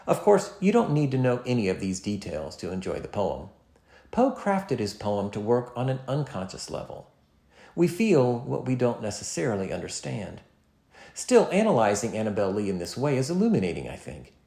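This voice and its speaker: A man giving a scripted lecture on literature in a measured, expressive way. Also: mid-range voice, gravelly, echoey room. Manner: measured, expressive reading with dramatic poetry recitals.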